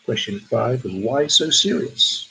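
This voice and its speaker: A man's voice: medium pitch, lively intonation, measured pace, creaky, sharp tone, slight background noise, rough recording. A man hosting a charity pub quiz livestream, chatting and reading out donors' messages between the questions. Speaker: quiz host.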